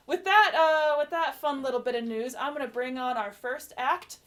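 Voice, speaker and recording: A woman's voice: high-pitched, unhurried. A woman hosting a live comedy night as MC, chatty and bantering. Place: comedy club. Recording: loud crowd in a comedy club.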